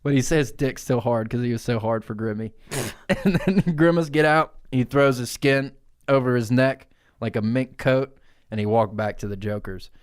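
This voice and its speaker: A man co-hosting a comedy podcast, telling an improvised crude story with laughter and lively swearing. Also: medium pitch, normal speed, smooth. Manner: crude, laughing, animated riffing. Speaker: podcast co-host.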